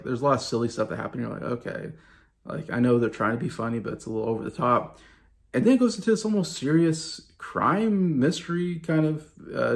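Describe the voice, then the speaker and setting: A man's voice: medium pitch, creaky. A man in his thirties giving a casual, rambling movie review, often correcting himself mid-sentence. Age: 30s. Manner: rambling, self-correcting, chatty.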